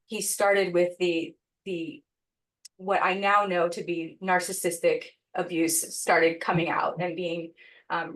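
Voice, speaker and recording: A woman guest on an interview podcast, telling a personal story in an earnest, reflective way with pauses and restarts. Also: lowish voice.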